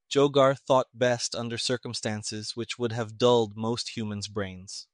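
A man narrates an audiobook in a steady, plain storytelling manner, with a voice of middling pitch. The recording is dry and close, with no room echo behind it. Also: measured pace, hardly any pauses.

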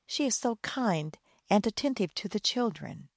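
A woman's voice: mid-range voice, expressive, moderate pace, dry recording, studio quality. A woman voicing a kindly widow and mother in an audiobook, in a mild, plain manner. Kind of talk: audiobook character voice.

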